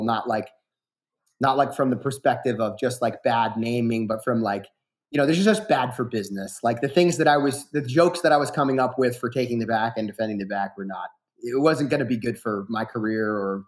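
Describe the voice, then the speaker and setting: Man, thirties, podcast guest, relaxed, rambling, lots of "you know", mid-pitched voice. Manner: relaxed, rambling, many fillers and restarts. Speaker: guest fighter. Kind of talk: casual podcast interview.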